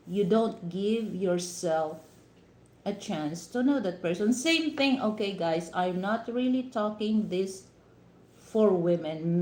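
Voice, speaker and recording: A woman's voice: medium pitch, dark tone. A woman from the Philippines with a Filipino accent, giving advice to her viewers in a casual live-stream talk, full of "you know" fillers. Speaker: vlogger. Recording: echoey room.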